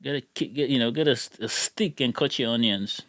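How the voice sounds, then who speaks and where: A man's voice: mid-range voice, a little fast, a bit bright, dry recording. Middle-aged male YouTuber, heated rambling rant, dry close sound. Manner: heated, rambling, repeats words when worked up. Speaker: gun channel YouTuber. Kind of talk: casual ranting vlog.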